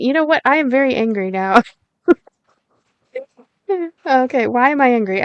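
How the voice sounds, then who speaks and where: A young woman chats through a cozy game in a bubbly, giggly way, cooing at the animals she meets. Her voice sits a little high, and she talks slowly and lingers over her words. The sound is dry and close, with no room echo at all. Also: clean tone. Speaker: gameplay streamer. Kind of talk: casual let's-play commentary.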